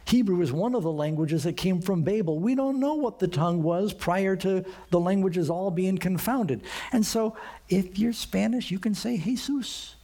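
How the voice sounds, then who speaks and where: A man's voice: high voice, normal speed, warm tone. A man preaching a sermon in a conversational way, often asking the congregation rhetorical questions. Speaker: pastor.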